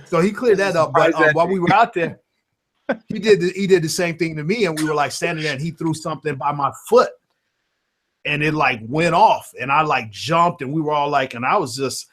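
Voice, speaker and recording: Guy, kinda high voice, laughing thru his stories, casual chat. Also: fairly quick, a bit bright. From Chicago. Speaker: guest rapper. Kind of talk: casual storytelling.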